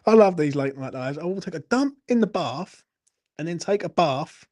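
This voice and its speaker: A man's voice: fairly high pitch, animated, unhurried, pauses often, darkish tone. A man hosting a late-night fan Q&A, tipsy, swearing and ranting with laughing banter. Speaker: fan channel host. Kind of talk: late-night live Q&A chat.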